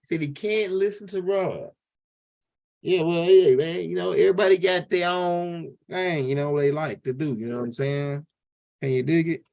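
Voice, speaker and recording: A high-pitched man from tells a loose, rambling stand-up story. He circles back, repeats lines and keeps asking "right?" as he talks. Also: steady tone, moderate pace, vocal fry, darkish tone. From Louisiana. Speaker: comedian.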